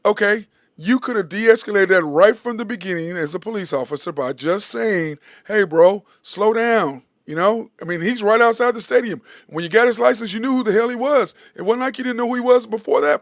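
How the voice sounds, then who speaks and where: A man with a high voice hosts a sports talk show and delivers a blunt, heated monologue, swearing as he goes. The recording is dry and close, with no room around him. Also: fairly quick, dry recording. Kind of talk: opinionated monologue.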